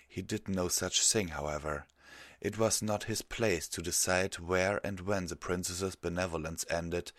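A man with a very low voice reading a story aloud at a measured, even pace. The sound is close and completely dry, with no room in it. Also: no echo. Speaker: narrator. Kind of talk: audiobook reading of fan fiction.

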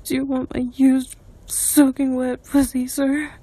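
Stuttering breathy high-voiced woman. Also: level tone, measured pace, mellow. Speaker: submissive pleading to a partner. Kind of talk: erotic audio role-play.

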